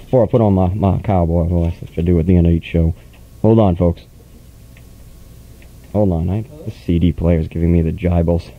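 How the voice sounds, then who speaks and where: A man's voice: low-pitched, steady tone, normal speed, pauses often, phone-quality sound. A man hosting a college radio show, teasing his guest in a sarcastic, mock-rude way. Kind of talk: casual late-night radio banter. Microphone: studio microphone.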